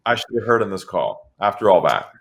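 A middle-aged man from California, a guest on an interview podcast, telling a sales story in a lively, animated way. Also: on the low side, fairly quick, creaky. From San Diego, California. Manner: animated storyteller who acts out quoted voices. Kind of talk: conversational storytelling.

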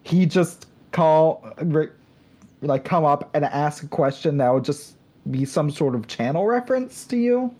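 A woman's voice: deep voice, expressive, unhurried, mellow. A woman co-hosting a podcast, telling a rambling story in casual chat, full of fillers and restarts. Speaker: podcast co-host.

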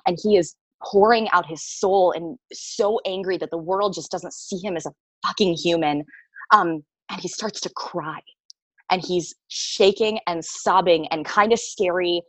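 A woman's voice: on the low side, unhurried, fairly bright tone, no room sound, poor audio. A woman actor telling stories in a casual interview, candid and laughing often, swearing freely.

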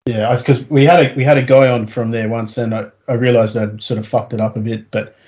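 A man's voice: medium pitch, fairly even intonation, brisk, darkish tone, highs cut off. A man with an Australian accent co-hosting a podcast, chatting in an easygoing way over a video call. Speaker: podcast co-host.

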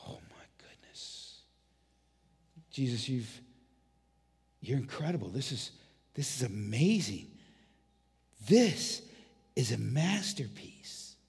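A man voicing awestruck male angels marveling in hushed tones in a sermon story. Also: medium pitch, expressive, slow, gravelly, long pauses, breathy edge, big-room sound, pitched below the performer's own voice, full character voice. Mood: awed. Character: awestruck male archangels gasping in wonder.

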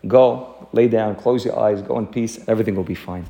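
A man voicing an elderly, revered rebbe who calmly reassures his dying son-in-law in a told story. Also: on the low side, fairly quick, gravelly. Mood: reassuring. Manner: soothing, unworried, insistent. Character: old revered male rebbe, calm and reassuring.

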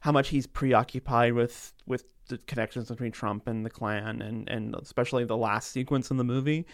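A man's voice: medium pitch, steady tone, moderate pace, dry recording, studio quality. A man who hosts a film podcast and reviews movies, talking thoughtfully with frequent hesitations. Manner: thoughtful, hesitant, many fillers. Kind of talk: casual chat about films.

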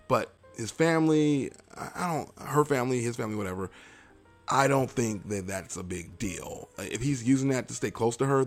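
A man's voice: medium pitch, gravelly. A man hosting a podcast, giving loose, rambling advice and then freestyle rapping, self-mocking as he goes. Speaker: podcast host. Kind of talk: casual advice talk and freestyle rap. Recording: hip hop beat playing underneath.

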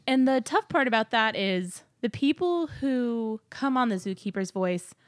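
A woman's voice: on the high side, animated, measured pace, dry recording, studio quality. A woman co-hosting a podcast in casual chat, talking in an upbeat way and laughing often as she talks. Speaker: podcast co-host. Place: new apartment studio.

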